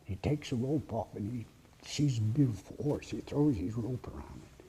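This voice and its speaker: Brief: male oral storyteller, gravelly voice, suspenseful whispered asides. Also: medium pitch, lively intonation, dark tone, slight background noise. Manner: dramatic pauses, drops to whispers for suspense. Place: heritage center presentation.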